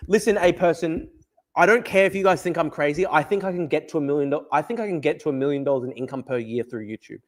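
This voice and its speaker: A man's voice: a little high, fast talker. A young man hosting a livestream from his desk, talking in a fired-up, profane, rambling way as he reads chat. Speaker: livestream host. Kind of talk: casual livestream talk reading chat. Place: at a desk at home. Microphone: desk camera mic.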